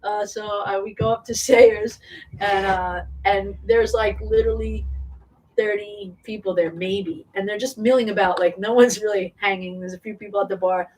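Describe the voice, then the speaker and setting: A woman's voice: mid-range voice, steady tone, normal speed, darkish tone. A woman casually telling a rambling, laugh-filled story to a small live audience, full of fillers and swearing. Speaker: singer talking to an audience. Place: indoor venue with small audience. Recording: distant mic with faint noise.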